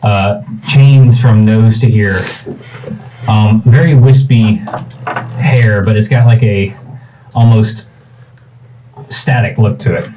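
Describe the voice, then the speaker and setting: A man running a tabletop role-playing game, describing scenes haltingly with many fillers. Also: lowish voice, warm tone. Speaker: game master. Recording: distant mic with faint noise.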